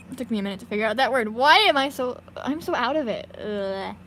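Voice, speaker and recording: A woman's voice: fairly high pitch, expressive, fast talker, hardly any pauses, a bit bright, slight background noise. A young woman streamer chatting casually and poking fun at herself while playing a game. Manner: giggly, self-mocking. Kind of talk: casual let's-play commentary.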